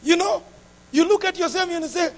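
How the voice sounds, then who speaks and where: A man preaching a sermon with passion, repeating phrases and building up to shouts. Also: very high-pitched, fairly quick.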